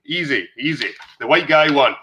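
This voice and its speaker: A man's voice: fairly high pitch, lively intonation, moderate pace, background noise. A slightly tipsy Scottish man hosting a livestream, chatty, sweary and rambling in casual conversation. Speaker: livestream host. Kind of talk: casual chat.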